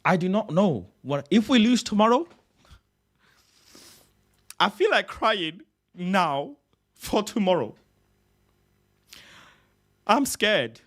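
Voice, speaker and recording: An excitable young man streaming a casual chat, his slightly high voice leaping up and down as he repeats himself for emphasis. He talks in an unhurried, drawn-out way and keeps tacking on "bro". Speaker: livestream host.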